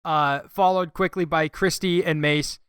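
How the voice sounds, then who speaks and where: High-voiced man recapping a movie. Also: fairly even intonation, unhurried, fairly bright tone, clean tone, dry recording, clean studio sound. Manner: laughing, recaps scenes with quoted lines. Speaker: podcast host. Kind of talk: casual movie-review chat.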